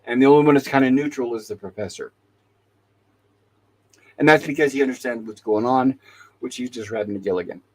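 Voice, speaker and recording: A man's voice: mid-range voice, brisk, pauses often, low-quality recording. Guy on a podcast retelling a tv episode scene by scene, laid back chat. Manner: retells scenes, quoting lines. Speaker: podcast host. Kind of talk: casual episode recap.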